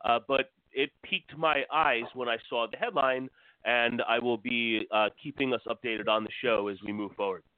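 A man's voice: mid-range voice, steady tone, moderate pace, no room sound. A man co-hosting a podcast, speaking cautiously and hesitantly, with many fillers. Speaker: podcast co-host. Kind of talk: casual podcast chat. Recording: tinny dry phone-like line.

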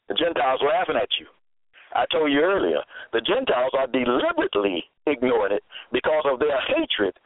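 Slow, lively man preaching over a tinny line. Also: mid-range voice, no room sound. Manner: exhorting, repeating phrases, scolding the listeners. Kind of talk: sermon. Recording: tinny phone-like, dry sound.

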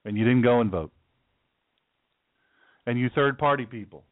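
There's no echo on this dry, tinny, phone-like recording from a home studio, where a male talk show host argues a political point with passion. His mid-range voice moves at normal speed with long pauses, emphatic and repetitive, stammering and starting over as he presses on.

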